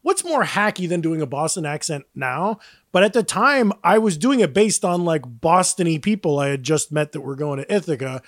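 A man's voice: on the high side, expressive, moderate pace, no room sound, studio quality. A man co-hosting a podcast, telling stories in casual chat, acting out quotes and laughing often. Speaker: podcast co-host.

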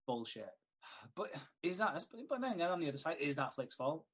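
A man's voice: on the high side, very animated, a little fast, a bit bright, slightly rough. Exasperated sweary man. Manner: exasperated, repeats himself, swears. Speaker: podcast co-host. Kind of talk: casual sweary chat.

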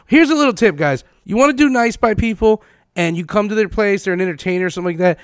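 A man co-hosting a casual podcast chat, ranting quickly and swearing often. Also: high-pitched, expressive, smooth, no echo, clean studio sound. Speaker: podcast co-host.

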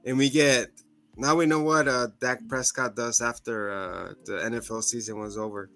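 A man's voice: mid-range voice, steady tone, normal speed, pushed and bright, faint music behind. A man co-hosting a casual podcast chat, laughing often and acting out quotes in funny voices. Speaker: podcast co-host.

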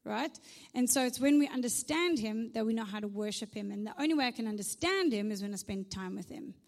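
Brisk and lively in intonation, this South African woman preaches conversationally in a large church hall. Her somewhat high voice echoes with a long reverb tail as she chats with the room, dropping "right?" and funny asides.

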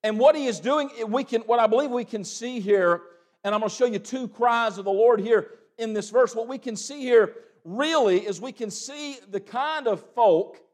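Young guy preaching, pretty high voice, gets loud on the big words then chatty. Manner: preaching with sudden loud cries and asides. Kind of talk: sermon.

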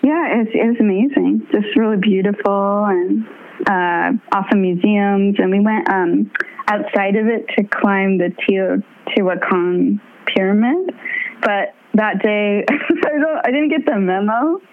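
A woman's voice: medium pitch, measured pace. Bubbly young woman on a tinny phone line. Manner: bubbly, laughs often, animated storytelling. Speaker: touring musician, guest. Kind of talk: casual interview chat.

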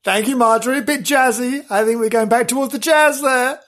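A woman hosting a comic podcast, rambling and self-mocking as she tells a story, with a husky voice. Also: a little high, brisk, fairly bright tone. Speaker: podcast host.

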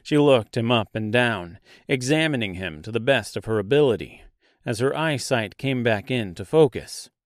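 A man narrating a dark fantasy audiobook in a slow, deliberate storytelling manner. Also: medium pitch, animated, no echo, clean studio sound.

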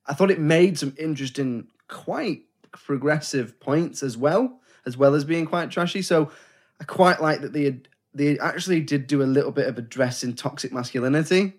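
A man's voice: medium pitch, darkish tone. A man co-hosting a casual film discussion podcast, rambling and self-correcting, often acting out quoted lines. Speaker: podcast co-host.

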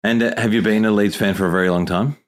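A man's voice: lowish voice, fairly even intonation, fast. A man co-hosting a podcast, chatting eagerly and reacting keenly to callers. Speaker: podcast co-host. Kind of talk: casual call-in chat.

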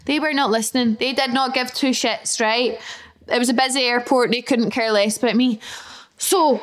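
A woman's voice: fairly high pitch, normal speed. Chatty young woman podcaster. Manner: chatty, animated, self-deprecating. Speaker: podcast host. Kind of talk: casual storytelling monologue. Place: her flat.

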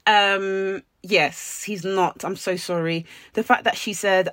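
A woman's voice: fairly low pitch, unhurried, few pauses, no room sound, studio quality. A woman, co-hosting a podcast in casual chat and telling stories with animation. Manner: chatty, animated storytelling. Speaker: podcast co-host.

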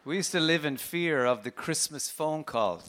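A comedian and meditation teacher with a Limerick Irish accent, appearing as a guest, tells playful anecdotes on stage and slips into quick impressions. His voice is on the high side, animated and a bit bright.

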